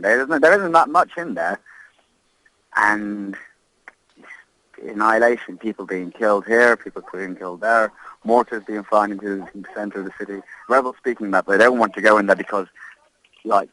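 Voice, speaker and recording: A man, an expat giving an impassioned interview update, halting and repeating himself as he speaks. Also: lowish voice, sharp tone, no echo, low-quality recording. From Libya. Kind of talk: emotional interview.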